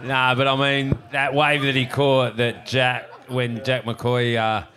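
A man's voice: medium pitch, flat delivery, slow, bright, forceful tone. A man chatting in a laid-back, hesitant way. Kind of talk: casual chat.

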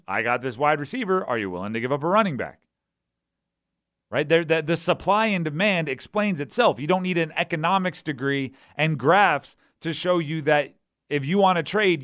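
A man's voice: on the high side, a bit bright, no echo, clean studio sound. Chatty man hosting sports radio. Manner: conversational, keeps asking "right?". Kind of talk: sports talk radio monologue.

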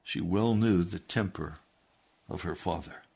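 A man preaching a sermon, reading aloud from a book and then pleading with his listeners, dropping low and quiet and then building to loud, emphatic appeals. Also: measured pace, vocal fry, slightly rough. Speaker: pastor.

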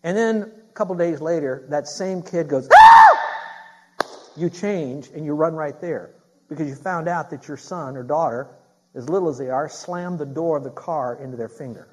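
Speaking straight to his congregation, a man delivers a sermon as their pastor, asking questions and rising into loud, emphatic preaching. He has a fairly high pitch and talks at normal speed.

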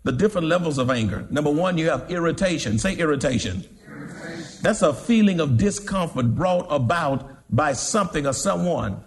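A man preaching a sermon, reading scripture and building to dramatic, shouted emphasis. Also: fairly high pitch, expressive, brisk, few pauses.

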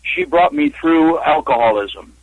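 A man from California phones in to a radio show, picking his way through each sentence with fillers and restarts. His voice is gravelly and comes over a thin, tinny phone line, dry with no room around it. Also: on the high side, huge pitch swings, dry recording. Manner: halting, many fillers and restarts. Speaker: caller.

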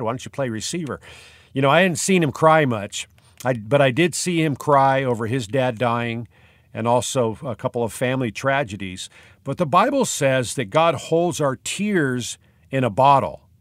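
Earnest man preaching slowly. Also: medium pitch, no room sound, studio quality. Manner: earnest, conversational preaching with slow emphatic scripture reading. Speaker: pastor. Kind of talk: sermon.

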